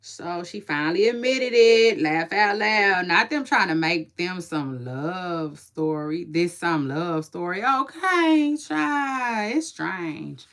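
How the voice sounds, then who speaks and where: Animated woman chatting gossip. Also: lowish voice, slow pace, few pauses. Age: adult with children. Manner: animated, laughing, slangy and outspoken. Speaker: commentary vlogger reacting to celebrity gossip. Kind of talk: casual live-stream gossip chat.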